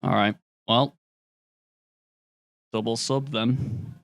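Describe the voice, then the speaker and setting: A man's voice: mid-range voice, fairly even intonation, extremely slow, gravelly, dry recording. Young male streamer, mid-range voice, loose sweary banter, dry close sound. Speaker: game streamer. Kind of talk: casual gameplay commentary, chatting with viewers.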